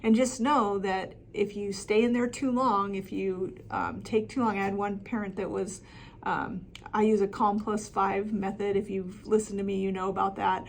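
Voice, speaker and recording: A woman's voice: mid-range voice, flat delivery, moderate pace, a little hiss or hum. A middle-aged woman coaching parents with practical advice, talking plainly with frequent ums and restarts. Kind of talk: talking-head advice video.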